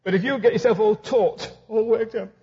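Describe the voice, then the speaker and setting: A man's voice: high voice, normal speed, darkish tone. A man preaching a humorous sermon who tells stories and acts out both sides of conversations. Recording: dull lo-fi recording.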